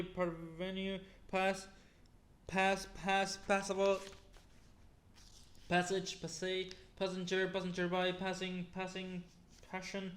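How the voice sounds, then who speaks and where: A YouTuber with a high, slightly bright voice reads a long list of words aloud one after another. He often stumbles, restarts and repeats words, and he sounds weary from the long reading.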